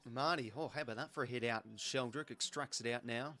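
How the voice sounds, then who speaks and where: An Australian man hosts a live football watch-along, calling every passage of play in a quick, chatty way. He gets excitable when the action picks up, with a mid-pitched voice. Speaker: host.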